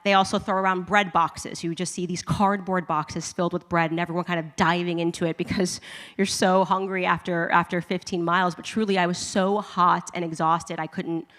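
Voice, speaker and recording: Woman, fairly low voice, animated storyteller who laughs a lot, reverb-heavy room. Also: normal speed. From United States. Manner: animated, laughing often, acting out her own reactions. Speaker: commentator. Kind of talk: personal testimony storytelling.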